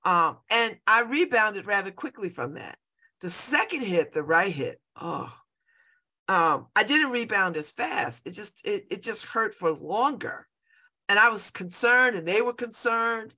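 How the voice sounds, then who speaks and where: A woman in her fifties hosts a show and talks casually to her listeners, rambling from one story to the next. Her voice is bright and forceful, and she laughs often and repeats herself as she goes. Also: medium pitch, animated, measured pace. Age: 50s. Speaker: show host. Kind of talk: casual personal chat.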